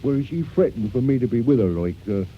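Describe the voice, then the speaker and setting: A man's voice: mid-range voice, animated, a little fast, natural voice. A man playing a nervous, deferential gardener with rustic, ungrammatical speech in an old radio play. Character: humble, nervous working-class male gardener. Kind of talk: 1940s radio acting. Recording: muffled old radio recording with faint hiss.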